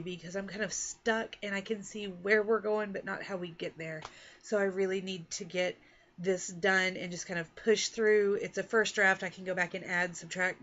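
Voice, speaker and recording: A woman's voice: mid-range voice, a bit bright, muffled recording. A woman from Texas and Oklahoma, an author chatting casually to the camera about her reading and writing goals in a rambling, self-deprecating way. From Texas and Oklahoma, USA. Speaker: author and book vlogger.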